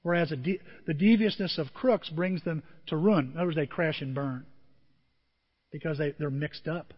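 A middle-aged pastor with a high voice delivers an animated sermon, drifting into stories and asides to his listeners. The recording is dull and muffled, and his voice rings out in a long reverb. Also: moderate pace, slightly rough. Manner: animated storytelling with asides to the congregation.

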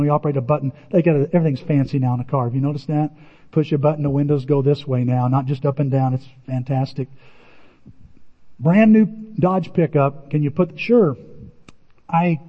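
Animated man preaching in a hall. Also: a little high. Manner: animated, self-mocking, acts out his own reactions. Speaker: preacher telling a personal story. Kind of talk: storytelling sermon. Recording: dull, echoey large hall.

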